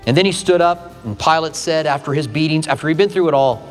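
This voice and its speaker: A man's voice: fast, soft background music. Reverberant preacher man in a hall. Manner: dramatic retelling with acted quotes, shifting pitch widely. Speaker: pastor. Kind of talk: sermon.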